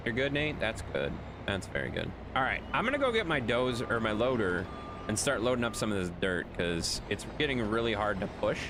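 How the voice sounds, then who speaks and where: A man's voice: lowish voice, very animated, brisk, background noise. A man streaming a game live, chatting casually and teasingly scolding his chat while he plays. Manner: bantering, scolds and teases chat.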